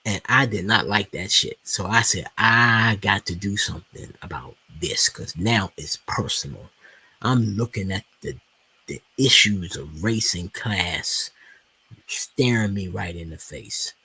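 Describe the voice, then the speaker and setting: Brief: middle-aged DC-accented man, gravelly and bright, husky, dry close sound, heated profane rant. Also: fairly low pitch, expressive, unhurried, no room sound. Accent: Washington DC. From Washington DC, USA. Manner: heated, profane storytelling with many restarts. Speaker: stock market video host. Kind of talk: casual ranting monologue.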